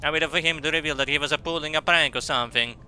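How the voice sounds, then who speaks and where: A man's voice: a little high, racing, pushed and bright, soft background music. A man with an Australian accent doing casual, rambling gaming commentary, reading game text aloud between asides. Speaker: streamer.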